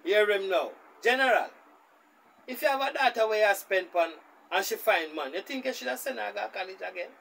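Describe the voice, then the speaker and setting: High-voiced Jamaican man telling a story. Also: quick pace, vocal fry, poor audio. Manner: animated, speaks in Jamaican Patois. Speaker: reaction video host. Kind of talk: storytelling commentary.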